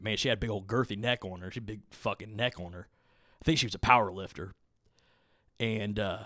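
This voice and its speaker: A young male podcast host tells a long, rambling story packed with swearing and filler words, speaking in a lowish voice. The recording has studio quality with no echo.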